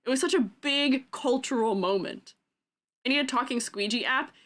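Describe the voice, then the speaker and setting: A woman's voice: high voice, normal speed, fairly bright tone. A young adult woman streaming, chatting casually and giggling with her viewers. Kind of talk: casual chat.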